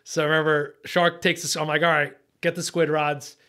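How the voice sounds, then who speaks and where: A man's voice: a little high, fairly quick. A middle-aged man, an offshore fishing boat captain, telling a story in casual chat, swearing freely and acting out what he said at the time. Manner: swears freely and acts out his own quoted lines; tense, excited retelling with laughs.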